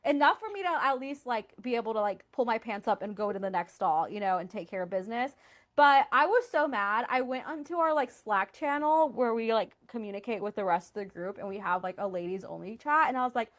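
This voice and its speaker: A woman's voice: a little high, animated, brisk. A woman hosting a podcast, telling candid stories in casual chat, full of "like" fillers. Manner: candid, storytelling, frequent "like" fillers. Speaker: podcast host.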